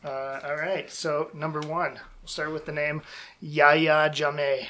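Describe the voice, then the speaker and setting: Slightly high-voiced man hosting a quiz. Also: level tone, sharp tone. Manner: reads names out slowly and jokes between answers. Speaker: podcast host running a quiz game. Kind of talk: casual podcast chat.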